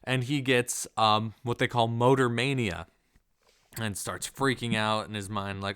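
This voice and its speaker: A man's voice: medium pitch, steady tone, measured pace, fairly bright tone, clear, resonant tone. A man casually reviewing a film, rambling with many fillers and puzzled rhetorical questions. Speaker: movie reviewer.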